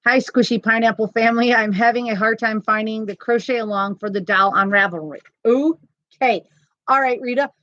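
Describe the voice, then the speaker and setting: A woman's voice: a little high, moderate pace, fairly bright tone, no room sound. A woman hosting a casual crochet live stream from home, chatty and laughing often. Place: home, indoors. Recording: slightly dull lo-fi sound.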